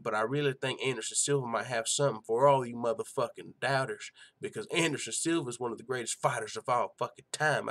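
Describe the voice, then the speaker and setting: The young man running a live MMA news show chats casually and reads comments from viewers in a slangy, profane, loose style, often tossing in "you know what I'm saying". His voice is mid-range and a bit bright.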